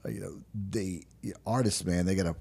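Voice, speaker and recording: A man in his forties with a Southern accent talks in a low, husky voice. He co-hosts a casual podcast, rambling through stories and laughing often. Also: normal speed, darkish tone. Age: 40s. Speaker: podcast co-host. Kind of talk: casual chat.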